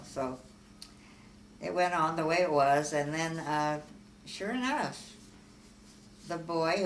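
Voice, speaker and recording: An older woman from Omaha, Nebraska, unhurriedly recounting her life story in an oral history interview, with frequent fillers and soft laughs. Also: fairly low pitch. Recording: echoey room, far from mic, faint hiss.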